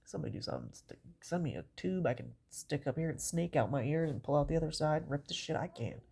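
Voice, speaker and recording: A woman's voice: sits low, expressive, a little fast, creaky, mellow, slightly rough. A woman with a stuffy, congested nose, doing a stand-up comedy bit in an exasperated, rambling way, swearing often.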